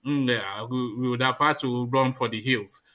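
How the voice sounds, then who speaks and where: A man's voice: medium pitch, moderate pace, over a noisy crowd. A man hosting a live talk discussion, teasing callers and talking over them with stammered repeats. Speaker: host.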